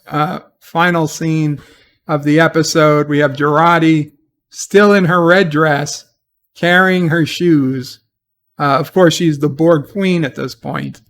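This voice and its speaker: Man, gravelly voice, unhurried delivery, exasperated, rambling review. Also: fairly high pitch, fairly bright tone. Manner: exasperated, rambling, with repeated restarts. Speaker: TV show reviewer. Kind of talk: casual spoken review.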